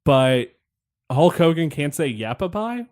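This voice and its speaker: A man's voice: on the high side, very animated, unhurried, darkish tone. A man hosting a podcast, rambling through a wrestling match recap in casual chat, wry and laughing, with the odd swear. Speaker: podcast host.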